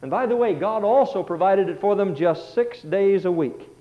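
High-voiced pastor on a tinny line. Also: male voice, moderate pace. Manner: preaching with sudden swings between loud and hushed. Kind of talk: sermon. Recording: tinny phone-like sound.

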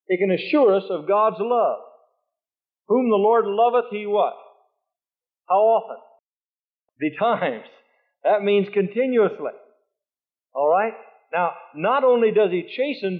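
Tinny-sounding preacher man, folksy sermon. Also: sits high. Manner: folksy, quizzes the congregation, quotes scripture in old wording.

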